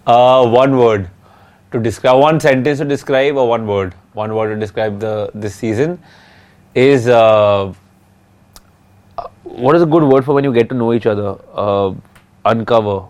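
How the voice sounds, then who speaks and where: A man's voice: medium pitch, a little slow, a little mellow. A man in his thirties co-hosting a casual podcast with his wife, rambling and joking, tired from lack of sleep. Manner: rambling, joking, self-interrupting. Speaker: podcast co-host. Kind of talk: casual couple's podcast chat.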